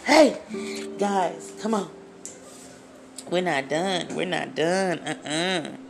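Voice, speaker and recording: A woman's voice: on the low side, slow, vocal fry, over music. A woman leading a Bible study, reading scripture aloud and preaching with fervor, repeating phrases and calling out to her listeners. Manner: fervent, repeats phrases, addresses listeners directly.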